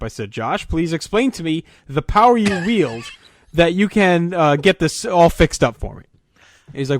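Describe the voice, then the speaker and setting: A man co-hosting a podcast, telling a long profane story as an animated rant in casual chat. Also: on the high side, moderate pace, no room sound. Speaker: podcast co-host.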